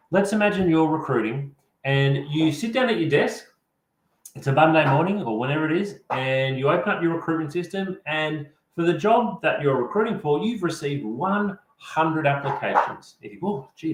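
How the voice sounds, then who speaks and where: A man's voice: on the high side, animated, moderate pace. Man coaching in an echoey room. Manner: direct, encouraging, addresses audience. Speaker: career coach. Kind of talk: online workshop presentation. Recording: roomy echo.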